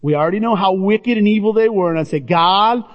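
A man's voice: high-pitched, quick pace. A man preaching a sermon as pastor, talking earnestly and straight to the congregation. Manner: earnest, addresses listeners as "guys". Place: church sanctuary. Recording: dull, reverberant hall sound.

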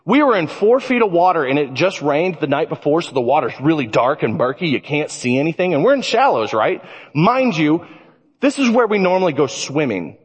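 A man preaching a sermon, telling stories in an animated way. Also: a little high, a little fast, breathy edge. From Illinois. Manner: animated storytelling. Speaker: pastor. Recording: reverberant church hall.

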